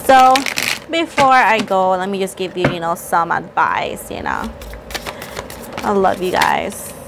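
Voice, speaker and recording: A woman doing a casual tarot reading to camera, chatty, playful and teasing, getting excited as she goes. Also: mid-range voice, a little slow, gravelly, noisy background. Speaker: tarot reader.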